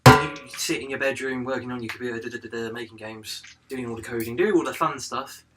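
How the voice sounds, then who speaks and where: A man's voice: medium pitch, fast, distant mic, over loud music. A man co-hosting a podcast in casual chat, laid-back and joking, swearing freely. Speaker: podcast co-host.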